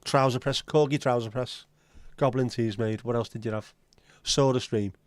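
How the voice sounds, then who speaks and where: A man's voice: medium pitch, steady tone, normal speed, no echo. Man, fifties, livestream host, sweary sardonic rants, dry close sound. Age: 50s. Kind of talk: casual livestream chat.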